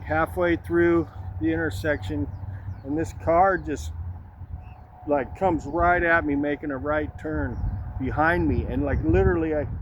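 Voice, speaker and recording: A man's voice: on the high side, lo-fi sound, slight background noise. A man talking casually on a walk through a city park, rambling through a story and tossing in "man" and "right?" as he goes. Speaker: vlogger. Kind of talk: casual walk-and-talk vlog.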